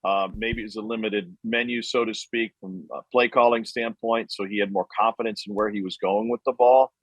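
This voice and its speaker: A man with a husky, lowish voice gives a measured, hedging take on a football game on sports radio. The sound is dry and close. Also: fairly even intonation, no echo, low-quality recording. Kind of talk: sports talk analysis.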